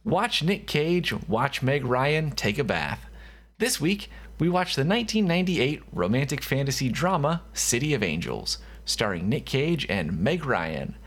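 Male podcast host, husky voice, very animated pitch, mock-grand intro. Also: a little slow. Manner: playful, mock-grand delivery. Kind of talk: scripted show intro.

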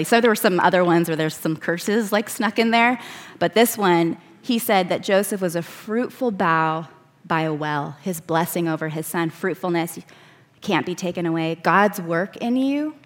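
A woman preaching, reading scripture verses aloud and slowing down to stress key words. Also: fairly low pitch. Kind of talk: sermon.

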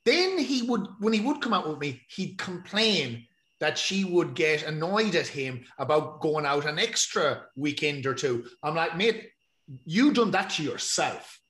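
A man's voice: on the high side, expressive, unhurried, fairly bright tone. An Irish man in casual chat, rambling and swearing freely as he tells stories. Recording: echoey room.

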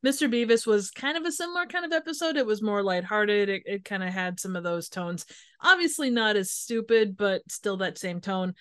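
A woman co-hosting a podcast, chatty and quick to laugh, with frequent restarts. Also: medium pitch, a bit bright, smooth, no room sound, clean studio sound. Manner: giggly and chatty. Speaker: co-host. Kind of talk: casual podcast chat.

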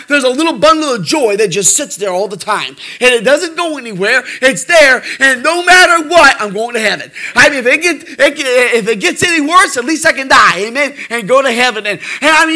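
A middle-aged man preaching a folksy sermon, joking and repeating himself, swinging from quiet asides to shouted praise. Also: very high-pitched, creaky. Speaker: pastor.

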